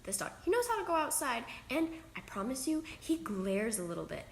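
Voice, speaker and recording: A woman's voice: a little high, brisk, vocal fry, rough recording. Young woman retelling her crazy pet sitting weekend, all drama and feeling, faint background noise. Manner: dramatic, emotional, animated retelling. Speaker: pet sitter telling a story. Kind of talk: casual storytelling to camera.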